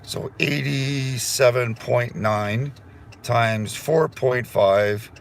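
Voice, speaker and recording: A man's voice: mid-range voice, extremely slow, creaky, a little hiss or hum. A middle-aged man from Canada chatting casually to his viewers while driving, easygoing and rambling. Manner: easygoing, rambling, swears and apologizes. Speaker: vlogger. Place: inside a car.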